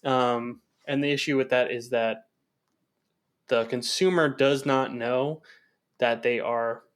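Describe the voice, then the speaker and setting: A man's voice: medium pitch, fairly even intonation, slow, smooth. A man co-hosting a podcast in casual chat, laid-back, swearing freely and filling his talk with "um" and "like". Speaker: podcast co-host.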